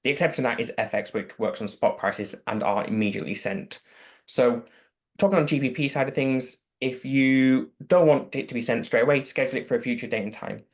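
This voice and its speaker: A man's voice: mid-range voice, fairly quick. A man answering webinar questions as a product expert, explaining things in a practical, matter-of-fact way over a video call.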